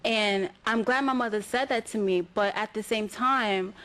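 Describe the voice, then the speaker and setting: Woman poet guest, mid-pitched, lively anecdotes, faint hiss behind. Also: moderate pace. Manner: animated storytelling, acting out quotes. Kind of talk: panel discussion.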